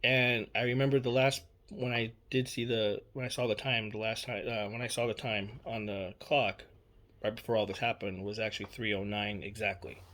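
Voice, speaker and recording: A man's voice: lowish voice, level tone, moderate pace, fairly bright tone. A young man telling a personal story in a casual, rambling way, repeating himself with lots of fillers and swearing. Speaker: storyteller recounting a personal experience. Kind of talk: casual spoken account.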